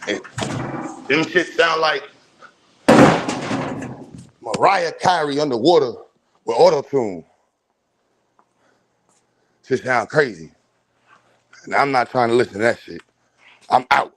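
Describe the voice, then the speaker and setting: Animated man ranting on a phone stream. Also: medium pitch, takes it slowly, long pauses, slight background noise. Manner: loud, animated, profane storytelling with bursts of laughter. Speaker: stream host. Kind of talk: casual livestream rant. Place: at home, moving between a room and the doorway outside.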